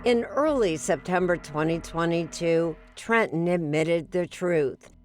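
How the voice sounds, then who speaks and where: Low-voiced woman narrating true crime. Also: measured pace, faint music behind. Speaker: TV correspondent.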